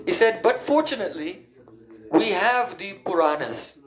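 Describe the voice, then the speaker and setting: High-voiced man lecturing in an echoey room. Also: animated, normal speed. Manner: explanatory, patient, stops to recall terms. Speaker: lecturer on scripture. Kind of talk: spiritual lecture.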